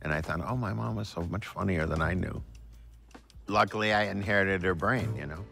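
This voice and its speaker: A man doing stand-up and talking about his mother in a halting, deadpan way. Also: deep voice, gravelly, soft background music. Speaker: stand-up comedian. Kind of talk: stand-up and interview reminiscing.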